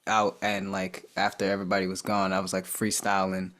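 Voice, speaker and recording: A man hosting a podcast in casual conversation, relaxed, affirming his guest and asking curious questions. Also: low-pitched, fairly quick. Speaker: podcast host.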